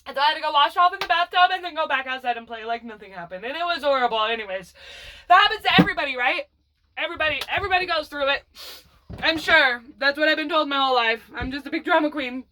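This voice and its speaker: A woman with a high voice tells a personal story to her viewers in a loose, dramatic vlog style. She rambles, swears freely, and laughs her way through the telling. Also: lively intonation, fast, sharp tone, a little hiss or hum. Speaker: vlogger.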